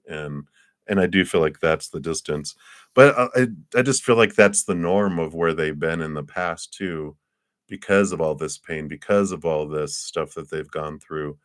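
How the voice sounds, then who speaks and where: A man's voice: a bass voice, no room sound, clean studio sound. A man giving a casual live tarot reading, chatty, laughing often and acting out the people he describes. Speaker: tarot reader.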